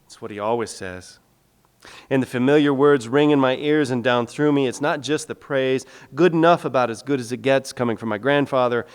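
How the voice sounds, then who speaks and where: Poet, 40s, male, mid-pitched; steady rhythmic lecture reading; long hall reverb. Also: fairly quick, clean tone. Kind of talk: public lecture with poetry reading.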